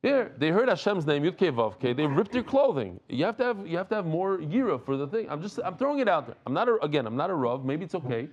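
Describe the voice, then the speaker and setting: Animated man teaching a Talmud class. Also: fairly high pitch, quick pace, few pauses, muffled recording. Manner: animated, rambling, peppered with Yiddish and Hebrew terms. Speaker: Daf Yomi teacher. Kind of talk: lively Talmud class with audience questions.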